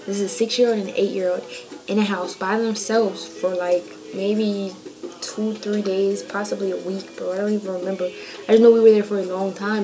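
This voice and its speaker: A woman's voice: medium pitch, rough recording. A young adult woman vlogger recounting a personal childhood story in a casual, slangy, emotional way. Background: background music.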